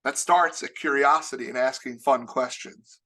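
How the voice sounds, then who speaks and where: A man from Long Island, giving a comedic motivational keynote in an animated, jokey way. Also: medium pitch. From Long Island, New York. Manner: animated, jokey, with quick impressions. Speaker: keynote speaker.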